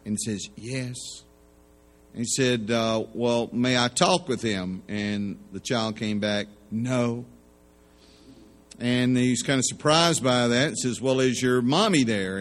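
A man preaching a sermon in a folksy way, telling jokes and acting out the voices in his stories. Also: medium pitch. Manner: folksy joke-telling, acts out voices in anecdotes. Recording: long hall reverb.

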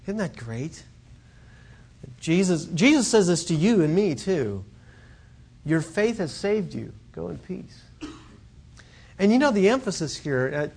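Man, sermon, lively teaching delivery, acts out voices, fairly high voice. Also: breathy edge. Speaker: Greek professor preaching.

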